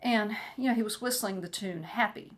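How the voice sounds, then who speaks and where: This vlogger speaks at a moderate pace in a mid-range voice. Sharing something from her own life in a relaxed way, she leans on "you know" a lot and now and then performs the voices of people she's quoting.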